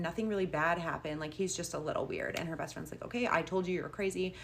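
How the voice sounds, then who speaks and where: A young woman tells a storytime tale casually, her fairly low, creaky voice racing along with few pauses. She's chatty and quotes each person with lots of "like."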